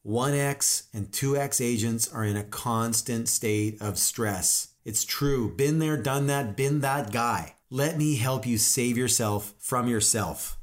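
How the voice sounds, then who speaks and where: A man's voice: mid-range voice, takes it slowly, few pauses. A man coaching real estate agents in a motivational monologue, firing off emphatic rhetorical questions.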